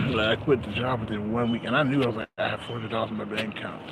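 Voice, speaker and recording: A man's voice: on the low side, quick pace, heavy background noise. A man telling profane stories in a casual livestream monologue, laughing as he goes. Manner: profane, laughing, animated storytelling.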